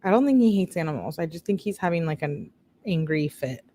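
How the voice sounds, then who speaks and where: A woman with a somewhat low voice reads text messages aloud in a relaxed, conversational way. She keeps breaking off to react and talk straight to her viewers, like a chatty true-crime host. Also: fairly quick, a little hiss or hum. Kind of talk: casual commentary reading text messages aloud.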